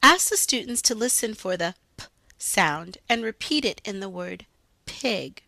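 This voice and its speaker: A woman narrating a scripted tutorial for teachers, clearly explaining step-by-step reading lessons and carefully sounding out phonemes. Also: mid-range voice, lively intonation, moderate pace, bright, forceful tone. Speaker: reading teacher demonstrating a website. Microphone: voice-over.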